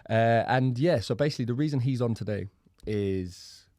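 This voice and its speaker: A man's voice: medium pitch, moderate pace, darkish tone, no echo, studio quality. A young man with a London accent hosting a podcast in casual, blunt chat that is full of swearing. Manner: blunt, swears freely, loose and chatty. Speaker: podcast host.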